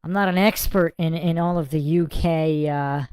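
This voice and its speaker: A man's voice: on the high side, fairly even intonation, moderate pace, darkish tone, clear, resonant tone, no echo. A man hosting a casual livestream, reading viewer chat aloud and musing over it. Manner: chatty, muses aloud, reads comments and look-ups aloud.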